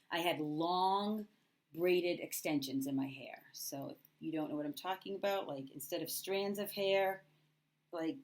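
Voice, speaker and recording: A teacher speaking straight to camera, telling a personal story with candid feeling and acting out remembered dialogue in her own voice. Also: deep voice. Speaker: middle school teacher.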